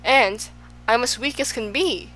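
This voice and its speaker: A woman plays an exclaiming, fickle man in a storybook reading, his voice pitched a little higher than her narration and louder. He swings from boasting to sighing. A faint hum sits under the recording. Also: measured pace, low-quality recording. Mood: boastful. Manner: exclaiming, swinging between moods. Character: excitable, fickle man of all extremes.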